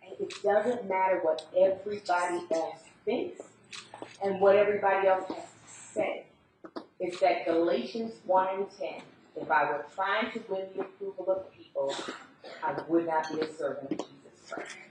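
A woman preacher telling a testimony in a sermon, acting out the people she quotes in lively storytelling. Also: mid-range voice, moderate pace, a little hiss or hum. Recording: very echoey hall, speaker far from the mic.

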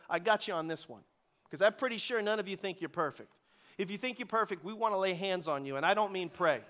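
A man pastor preaching a sermon in a church, animated and calling for responses from the congregation. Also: high voice. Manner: animated preaching with audience call-and-response and rising emphasis. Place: church sanctuary.

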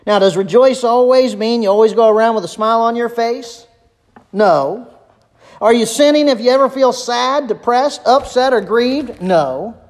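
A woman pastor preaching a conversational sermon, asking rhetorical questions and dropping her voice low and quiet for emphasis. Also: moderate pace.

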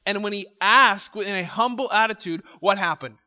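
A man's voice: high voice, moderate pace, in a large hall. A man preaching a sermon with emphatic delivery, asking rhetorical questions and calling out to the congregation. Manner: emphatic, asks rhetorical questions, calls out "Amen?". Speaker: pastor. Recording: slightly muffled recording.

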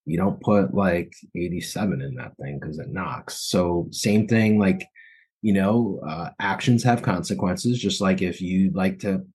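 A man hosts an interview podcast in a loose, rambling way, often restarting his sentences and reaching for "like." His voice sits very low, with a husky, breathy edge. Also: a little slow, a little mellow. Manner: casual, rambling, full of "like" and restarts. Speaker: podcast host.

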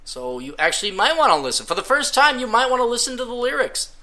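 A man's voice: very high-pitched, big pitch swings, fast talker, pushed and bright. A man hosting a podcast, ranting casually and sarcastically, breaking into mocking sung parodies. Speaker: podcast host.

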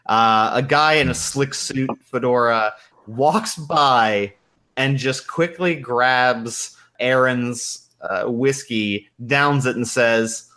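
A man narrating as game master of a tabletop game, relaxed with lots of fillers and laughs. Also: mid-range voice, slow pace.

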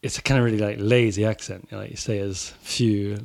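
English guy from corby, accent all mixed up, kinda low voice, laughs a lot, swears casually. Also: steady tone, fast talker, vocal fry, darkish tone. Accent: Corby English mixed with Swedish, American and Welsh. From England. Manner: laughs often, loose and swearing. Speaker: podcast guest. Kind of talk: casual chat.

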